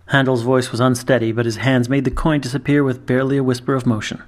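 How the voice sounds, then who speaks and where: A man narrating a fantasy story in a measured, even reading voice. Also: medium pitch. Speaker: story reader. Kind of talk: scripted narration.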